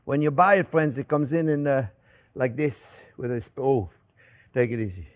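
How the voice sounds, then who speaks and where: A man's voice: medium pitch, moderate pace. An older man with a French accent, chatting and joking with viewers as he demonstrates a recipe in his kitchen. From France. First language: Italian and French. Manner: chatty, joking, animated, addresses viewers as friends. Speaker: chef. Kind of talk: cooking demonstration.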